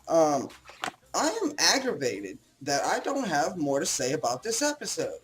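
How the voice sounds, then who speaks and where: A man's voice: on the high side, sing-song, moderate pace, slight background noise, poor audio. A young man rambling casually as host of his own commentary, swearing and joking at himself.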